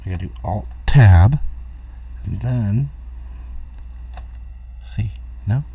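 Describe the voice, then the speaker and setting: Gravelly low rambling male streamer. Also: drawn-out words, mellow, recorded from a distance, highs cut off. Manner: rambling, distracted, laughs at own jokes. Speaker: host of a live talk stream. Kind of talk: rambling solo live-stream chat.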